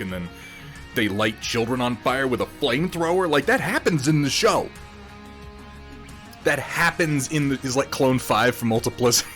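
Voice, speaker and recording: Rambling livestream host, male, chatty and profane, mid-pitched, faint music behind. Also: moderate pace, fairly bright tone. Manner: rambling, chatty, laughs often, swears freely. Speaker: livestream host painting miniatures. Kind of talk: casual livestream chat.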